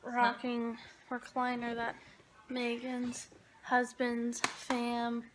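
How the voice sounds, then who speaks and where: Chatty young woman vlogger, slightly high. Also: monotone, very slow, noisy background. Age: young adult. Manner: chatty, storytelling, laughs easily. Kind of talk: casual vlog chat.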